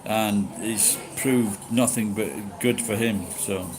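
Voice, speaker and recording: A middle-aged man from Yorkshire, chatting casually on a livestream, rambling and halting, speaking slowly and swearing now and then. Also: fairly low pitch. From Yorkshire, England. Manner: talks slowly and deliberately. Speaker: livestream host. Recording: steady background noise.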